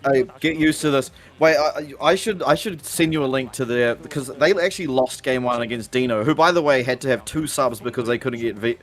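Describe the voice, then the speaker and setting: A man with a New Zealand accent chatting through an esports broadcast at a mid pitch. He talks loosely, with plenty of likes and trailing phrases. Faint music runs quietly behind him. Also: fairly quick, few pauses. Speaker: esports commentator. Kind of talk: casual live esports commentary.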